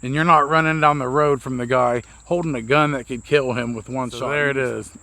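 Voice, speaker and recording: A man's voice: medium pitch, steady tone, brisk, pushed and bright. A man telling a rambling, profane, self-mocking story to camera as a vlogger, outdoors. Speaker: vlogger, mobile mechanic.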